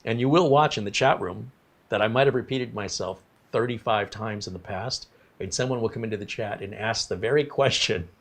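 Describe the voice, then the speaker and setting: A man's voice: fairly low pitch, brisk. A man hosting a casual livestream, talking in a rambling, apologetic way and reading viewer comments aloud. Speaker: livestream host.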